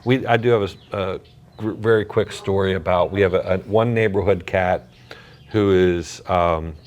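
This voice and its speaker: A man with a deep, darkish voice hosts a podcast on location at an animal shelter. He speaks at a normal speed with fairly even intonation, chatting casually in an interview style and often repeating his words as he goes.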